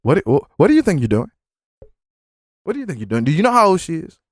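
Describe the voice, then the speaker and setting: A man's voice: on the high side, huge pitch swings, quick pace, no echo, pitched above the performer's own voice. A man voicing a stern television sting-show host who questions a suspect. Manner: stern, probing interrogation.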